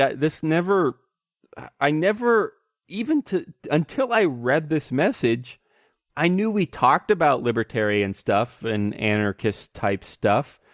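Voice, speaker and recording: A man hosting a casual podcast, excitable and laughing often as he talks. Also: mid-range voice, no echo, clean studio sound. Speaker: podcast host.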